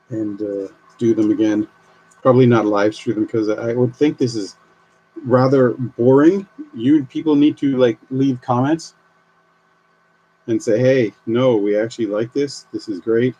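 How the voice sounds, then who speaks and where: A man's voice: mid-range voice, mellow, breathy edge, low-quality recording. A man live streaming as he builds a model kit, chatting and thinking aloud as he works. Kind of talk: casual live stream commentary.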